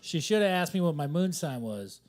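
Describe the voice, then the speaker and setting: A man's voice: a little high, sing-song, normal speed, darkish tone. A man doing stand-up at a coffee shop open mic, rambling and self-deprecating as he riffs from joke to joke, on a handheld mic. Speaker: stand-up comedian.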